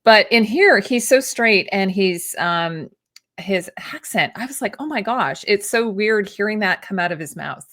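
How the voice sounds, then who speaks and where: A woman's voice: mid-range voice, unhurried, fairly bright tone. A woman interviewing a guest in a casual, enthusiastic way. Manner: enthusiastic, chatty.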